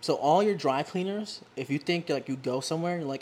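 A woman's voice: low-pitched, a little fast, a little mellow, a little hiss or hum. A young woman as a guest in a casual chat, telling stories in slangy, profane talk and acting out what people said.

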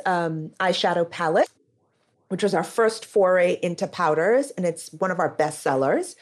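A woman founder telling her story in an interview, animated and emphatic, laughing often and swearing now and then. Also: lowish voice. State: near tears at times. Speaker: beauty brand founder.

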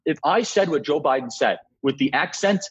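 A man's voice: a little high, expressive, husky, highs cut off. A young man arguing emphatically as a guest in a political interview. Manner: emphatic, rapid argumentative delivery.

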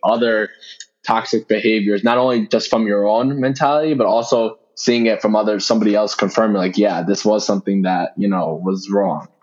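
A young man telling a story in casual chat, relaxed and full of "you know" fillers. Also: on the low side, a little fast. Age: young adult. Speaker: podcast co-host. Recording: dull lo-fi sound.

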